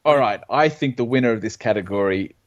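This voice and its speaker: A man with a lowish voice co-hosts a movie podcast in casual chat. He gives his picks at length, in an earnest way with plenty of fillers. The recording sounds a bit dull and muffled. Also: fast. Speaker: podcast co-host.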